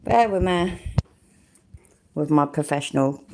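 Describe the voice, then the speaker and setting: A woman's voice: sits low, lively intonation, a little slow, mellow, a little hiss or hum. A woman hosting a commentary channel, blunt, sweary and sarcastic in casual reaction talk.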